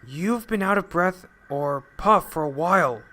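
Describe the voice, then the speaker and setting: A man voicing a concerned male fireman who gently makes a suggestion. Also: high-pitched, animated, a little slow, a little hiss or hum, voice pushed up, heavily acted.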